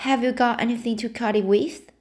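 A woman's voice: fairly high pitch, fairly even intonation, a little fast, darkish tone, natural voice. A woman reading the lines of a loyal young girl, speaking earnestly and mournfully. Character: girl, loyal, sorrowful best friend.

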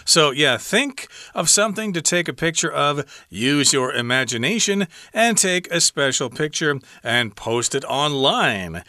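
A man's voice: on the high side, very animated, unhurried, few pauses, pushed and bright, dry recording, clean studio sound. A man co-hosting an English lesson, chatty and giving playful example sentences. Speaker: English teacher. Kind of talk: conversational language lesson.

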